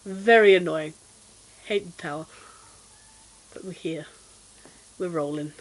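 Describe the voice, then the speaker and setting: A young British woman chatting casually while streaming a game, self-deprecating and quick to giggle and exclaim. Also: on the low side, a little hiss or hum, poor audio. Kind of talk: casual gameplay chat.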